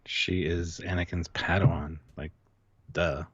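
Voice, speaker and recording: Deadpan low-voiced man co-host, lo-fi. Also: measured pace, husky, no echo. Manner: dry, deadpan. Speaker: podcast co-host. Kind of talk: casual chat. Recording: dull lo-fi sound.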